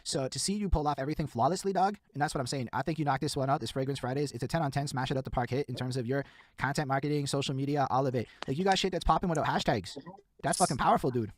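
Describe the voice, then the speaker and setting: A man hosting a casual interview, talking fast and excitedly with lots of swearing. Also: mid-range voice, dry recording. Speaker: podcast host.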